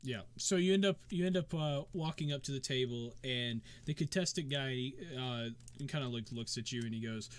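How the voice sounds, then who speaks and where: A man's voice: mid-range voice, normal speed, few pauses, clean tone. A man running a tabletop game as game master, narrating in a rambling way full of fillers.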